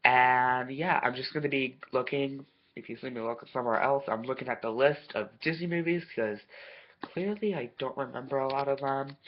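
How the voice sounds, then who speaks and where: A vlogger ranting to camera in a profane, sarcastic way, swearing constantly and breaking into loud bursts of outrage. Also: mid-range voice, moderate pace, a little hiss or hum. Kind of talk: profane comedic rant to camera. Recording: dull lo-fi recording.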